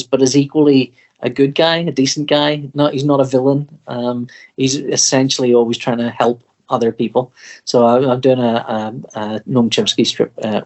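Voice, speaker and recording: A Northern Irish man chatting as a podcast guest, rambling and animated as he retells film scenes. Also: medium pitch. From Northern Ireland. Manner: animated, rambling storyteller who puts on voices when retelling scenes. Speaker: guest, comic artist. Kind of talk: casual podcast chat.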